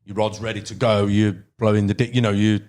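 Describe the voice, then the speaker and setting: A middle-aged man with a Midlands accent and a fairly low voice tells fishing stories on a podcast. He rambles in a relaxed way, with plenty of ums, asides and "you know what I mean". The talk is loose and conversational. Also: a little fast. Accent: English Midlands. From Derbyshire, England. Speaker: podcast guest, carp angler. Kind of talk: casual podcast chat, storytelling.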